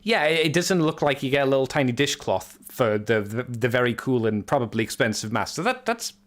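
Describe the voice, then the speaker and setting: A man's voice: mid-range voice, sing-song, brisk. A man co-hosting a casual podcast, joking around and trailing off into uncertain asides. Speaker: podcast co-host.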